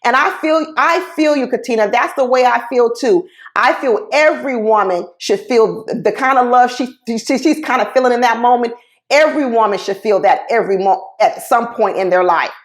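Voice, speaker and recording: A woman recaps a reality dating show in a loose, chatty vlog style. Her voice sits a little high, and she gushes freely, full of fillers and asides. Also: moderate pace. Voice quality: chatty, gushing, many fillers. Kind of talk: casual episode recap.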